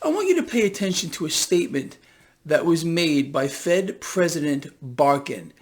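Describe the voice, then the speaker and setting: Tired, exasperated high-voiced man commentator. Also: moderate pace. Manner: animated, exasperated, swears, mocks. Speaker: host of a market commentary channel. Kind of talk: casual market commentary vlog.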